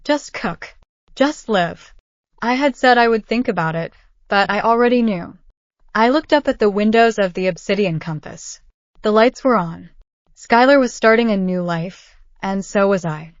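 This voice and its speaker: An older woman narrates a scripted first-person story at an even, measured pace. Her pitch sits in an ordinary middle range. The recording sounds dull and lo-fi, with a dry, close sound. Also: dry recording.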